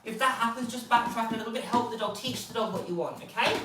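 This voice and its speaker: A woman dog trainer, explaining steps calmly and then praising the dog in a high, excited voice. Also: quick pace, background noise. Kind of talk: live training session commentary. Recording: very echoey, distant from the mic.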